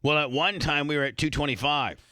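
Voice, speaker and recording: A man's voice: fairly high pitch, fairly quick, pushed and bright, no echo. A man hosting a radio show, chatting casually in a profane, rambling way and stammering through restarts. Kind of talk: casual studio banter.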